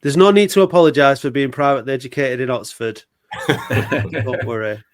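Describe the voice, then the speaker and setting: A man's voice: medium pitch, animated, fast talker, clean tone. A man hosting a football fan podcast, chatting casually with dry teasing jokes. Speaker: podcast host. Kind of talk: casual chat.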